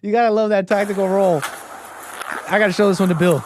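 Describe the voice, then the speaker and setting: A man's voice: high voice, fairly even intonation, fast talker, noisy background. A man hosting a casual commentary livestream, sarcastic and often laughing. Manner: sarcastic, keeps breaking into laughter. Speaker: livestream host.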